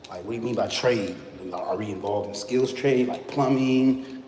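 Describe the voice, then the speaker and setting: A man's voice: medium pitch, moderate pace, darkish tone, a little hiss or hum. A man from the United States hosting a casual livestream, loose and joking with his viewers, a little tired. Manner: loose and joking, slangy, answers chat comments. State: tired, yawning. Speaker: livestream host. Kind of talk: casual live-stream chat with viewers.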